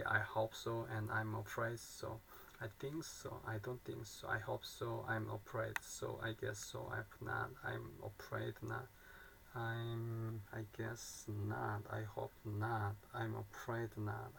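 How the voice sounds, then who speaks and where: Low, gravelly man reading grammar aloud. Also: flat delivery, fairly bright tone, slight background noise, rough recording. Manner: halting, repeats and corrects himself.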